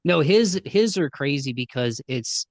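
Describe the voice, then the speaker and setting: A man's voice: a little high, animated, a little slow, no echo. Casual male podcast host, dry sound. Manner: rambling, lots of fillers and restarts, name-dropping.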